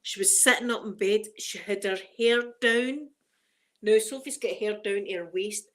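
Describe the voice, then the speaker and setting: Scottish mum on a livestream, welling up, warm chatty greetings to everyone. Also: female voice, mid-range voice, moderate pace. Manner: emotional, tearful, greeting viewers by name. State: holding back tears. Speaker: livestream host. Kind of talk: casual live chat.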